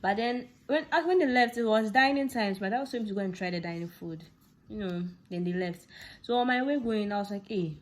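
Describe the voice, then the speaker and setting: A woman's voice: medium pitch, brisk. A young woman with a Ghanaian English accent, telling a casual personal story and acting out the dialogue with laughs. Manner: animated, laughing, acts out dialogue. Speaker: vlogger.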